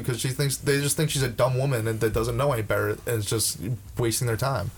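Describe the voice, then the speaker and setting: A young man rants in a casual chat, heated and profane, restarting sentences as he trips over his words. His voice sits at an ordinary middle pitch with a steady tone, and he talks quickly with hardly any pauses. Faint hiss runs beneath the recording.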